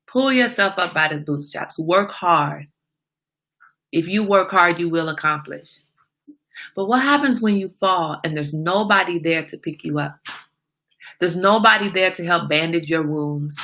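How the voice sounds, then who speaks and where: Bright-voiced woman hosting a livestream. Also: fairly low pitch. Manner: emphatic, preachy, rhetorical questions. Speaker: livestream host. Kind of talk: casual livestream monologue.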